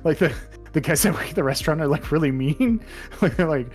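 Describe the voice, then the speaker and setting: A man's voice: a little high, fast, soft background music. A man casually chatting on a podcast, rambling with lots of fillers and restarts. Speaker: podcast co-host. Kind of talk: casual chat.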